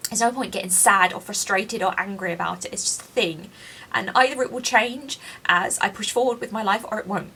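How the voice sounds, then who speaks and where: A woman's voice: mid-range voice, creaky, sharp tone, slightly rough. A woman in her late thirties, crying as she confides in a personal video diary, self-deprecating and frank. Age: 30s. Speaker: vlogger.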